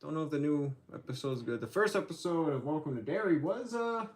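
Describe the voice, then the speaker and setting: A man's voice: a little high, animated, a little fast. A man hosting his own livestream, chatting casually with lots of fillers and restarts. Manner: rambling, hesitant, many fillers. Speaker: channel host.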